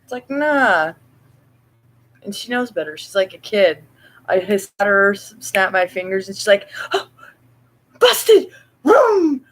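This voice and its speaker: A woman's voice: mid-range voice, fairly bright tone, rough recording. A woman chatting casually to viewers at home at night, rambling and laughing as she talks. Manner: rambling, laughing, slow and drawn-out. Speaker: vlogger.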